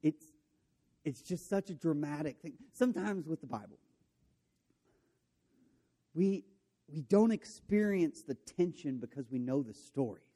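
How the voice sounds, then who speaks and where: A man's voice: a little high, lively intonation, measured pace, pauses often, warm tone, breathy edge. A man preaching a sermon, retelling a story with playful voices for the characters and jokey asides. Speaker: pastor.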